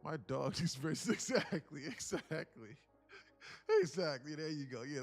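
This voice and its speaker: Faint music plays behind this livestream day-trading host, whose voice sits on the high side and moves a little slowly. He chats casually with viewers, joking, laughing often, and cursing freely in a lively way.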